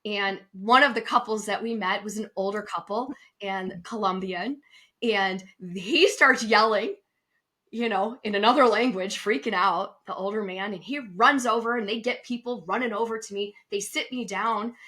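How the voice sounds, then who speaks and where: Podcast co-host, woman in middle age, animated storyteller, crisp bright tone. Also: normal speed. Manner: lively storyteller, acts out quotes with big pitch jumps. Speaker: podcast co-host and travel advisor. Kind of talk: casual chat, telling a personal story.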